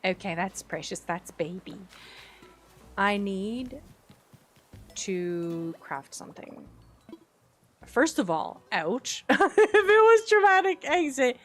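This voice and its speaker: Giggly streamer girl chatting over her game, gets squealy and excited, talks slow. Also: medium pitch. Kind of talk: casual live-stream chat over gameplay.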